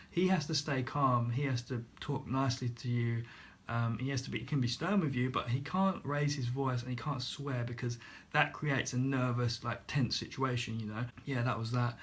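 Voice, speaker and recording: A young man casually telling a story to his vlog, animated, laughing at himself and acting out the voices of others. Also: medium pitch. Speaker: vlogger.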